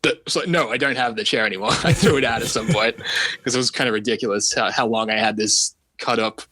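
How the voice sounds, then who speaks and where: A man guest on a podcast, talking easygoing and self-deprecating, often restarting his sentences. His voice is bright and forward, and the recording is dry and close, with no room sound. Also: medium pitch, fast, no room sound. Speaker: guest animator. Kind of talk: casual podcast chat.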